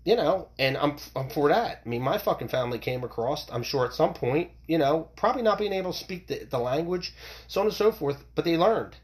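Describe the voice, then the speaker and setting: A middle-aged man from the United States rants on his own podcast. His pitch swings widely as he talks. He is heated and profane, and he keeps restarting his sentences. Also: expressive, fairly quick. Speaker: podcast host. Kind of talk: opinionated solo podcast rant.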